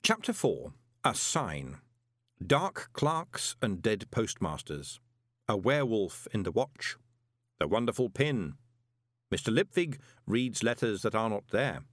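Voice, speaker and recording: A man narrating an audiobook in an expressive way. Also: on the low side, slow pace, dry recording. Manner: expressive, many voices. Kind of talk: scripted narration.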